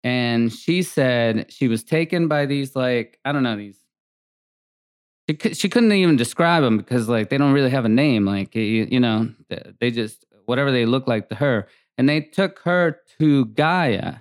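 Rambling man with a smooth voice. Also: medium pitch, moderate pace, dry recording, studio quality. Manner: rambling, animated storytelling with many fillers. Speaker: podcast co-host. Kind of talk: casual chat.

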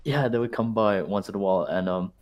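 A man's voice: fairly low pitch, brisk, a little mellow. A young man in his twenties, a former university student, rambling through a casual story with fillers and some swearing. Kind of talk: casual chat.

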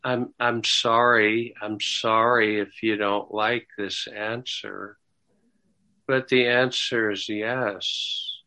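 Slow, halting man teaching the Bible. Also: on the low side, little pitch movement, bright, forceful tone, rough recording. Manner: slow, halting delivery with repeated words and apologetic asides; builds to emphatic, rising stresses. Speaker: Bible teacher answering questions. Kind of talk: sermon-style Bible teaching.

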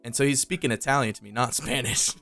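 A man's voice: mid-range voice, fast, a bit bright, soft background music. A young man, co-hosting a podcast and telling stories in a loose, profane, casual chat. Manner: loose storytelling with frequent profanity. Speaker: podcast co-host.

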